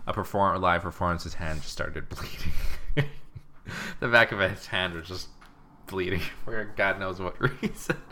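A woman's voice: a bass voice, measured pace, pushed and bright, slight background noise. A woman co-hosting a podcast in casual chat, playful and rambling, laughing often. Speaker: podcast co-host.

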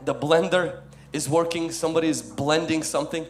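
Emphatic preaching man, higher voice. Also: fairly even intonation, fairly quick. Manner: emphatic preaching that swings between loud and soft; addresses listeners as "my friend". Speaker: pastor. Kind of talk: sermon.

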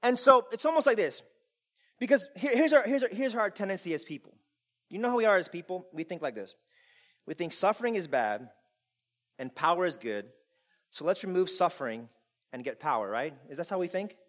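A man preaching a sermon to a congregation, animated and playful, with loud bursts of laughter. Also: sits high, a little fast. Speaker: pastor.

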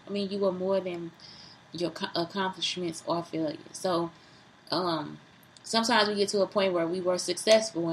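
A woman's voice: on the low side, gravelly, a little hiss or hum, poor audio. A woman vlogging, giving casual self-help talk straight to her viewers, rambling and repeating herself.

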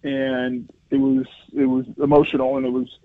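A man in his fifties, a former football lineman, telling personal stories as an interview guest in an earnest, animated way with many restarts. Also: medium pitch, moderate pace, no echo. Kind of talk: conversational interview storytelling. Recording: dry, phone-like radio line.

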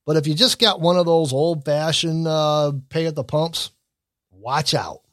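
A Michigan man hosts a commentary show, giving casual takes on news and politics in a blunt, opinionated way that rambles and restarts. His voice sits a little high and a bit bright, at a measured pace. The studio recording is clean, with no echo.

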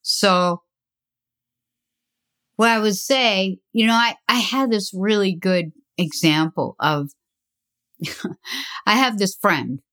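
An older woman talking through life advice in an unhurried, rambling way, chuckling now and then. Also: medium pitch, fairly bright tone. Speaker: speaker giving life advice. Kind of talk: slow reflective talk.

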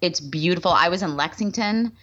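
Woman podcast host with a low voice, chatting and telling a story, slightly dull lo-fi sound. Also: a little fast. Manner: animated storyteller, acts out quoted voices. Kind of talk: casual chat. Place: Los Angeles.

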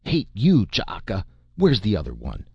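A man's voice: sits low, huge pitch swings, unhurried, vocal fry, breathy edge, dry recording, muffled recording, exaggerated voice. A man reading the lines of a suspicious rival barbarian slave master, who speaks in clipped, broken phrases. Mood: scornful. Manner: clipped broken speech, doubtful.

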